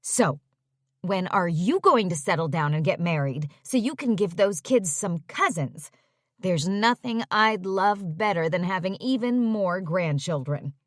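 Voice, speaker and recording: A woman's voice: on the low side, expressive, unhurried, no room sound, studio quality. A woman voicing an older mother who gushes and chatters on, talking over everyone, read in an audiobook. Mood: gushing. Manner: effusive, talks over others.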